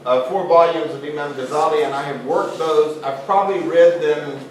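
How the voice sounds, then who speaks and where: A middle-aged man teaching a class in a relaxed, joking, conversational way. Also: fairly high pitch, normal speed. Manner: conversational, jokey, asks the class questions. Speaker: Islamic studies teacher. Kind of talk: classroom lecture. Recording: very echoey room, voice far from mic, faint hiss.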